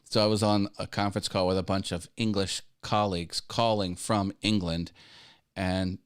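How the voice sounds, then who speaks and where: A man's voice: low voice, flat delivery, moderate pace, smooth. A man hosting a casual live stream, rambling and restarting his sentences and chuckling at his own jokes. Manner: rambling, self-interrupting, laughs at own jokes. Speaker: YouTube live show host.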